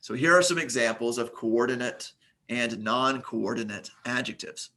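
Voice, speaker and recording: A man's voice: mid-range voice, moderate pace, sharp tone. A man teaching a recorded grammar lesson, reading example sentences aloud and explaining them methodically, with the occasional filler.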